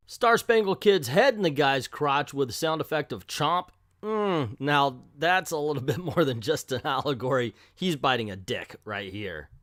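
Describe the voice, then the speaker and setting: A man's voice: mid-range voice, a bit bright, dry recording, studio quality. A man casually reviewing an old comic book, joking irreverently and reading captions aloud.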